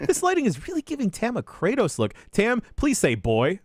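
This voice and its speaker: Dry-voiced man rattling off jokey shout-outs. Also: fairly quick, dry recording. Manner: deadpan delivery with sudden pitch jumps and crude jokes. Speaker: podcast host reading listener shout-outs. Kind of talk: casual podcast banter, rapid list reading.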